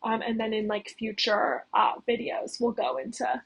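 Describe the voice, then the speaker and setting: A woman's voice: fairly high pitch, steady tone, moderate pace, vocal fry, breathy edge, rough recording. A young woman casually recapping a story plot, chatty and full of "like". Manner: chatty, heavy use of "like". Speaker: video essayist.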